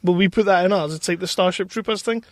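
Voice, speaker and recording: High-voiced chatty British podcaster. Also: male voice, quick pace, no room sound, clean studio sound. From Britain. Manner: rambling, jokey, sweary. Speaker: podcast co-host. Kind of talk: casual chat.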